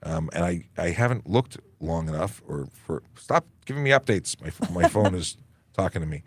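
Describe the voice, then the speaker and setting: A man's voice: low-pitched, expressive, moderate pace, breathy edge, no room sound. A man, a police constable, hosting a casual livestream Q&A, reading viewer comments aloud and joking with many fillers. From Canada. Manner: chatty, jokey, reads chat aloud with many fillers.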